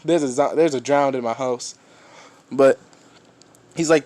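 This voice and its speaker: A man's voice: mid-range voice, a little slow, a little mellow. A man casually retelling a fan story, rambling, restarting often and swearing offhand.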